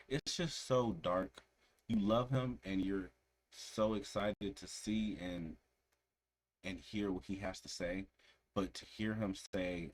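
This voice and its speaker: A man's voice: sits low, measured pace. A man hosting a reaction video, giving earnest, reflective commentary and repeating phrases for emphasis.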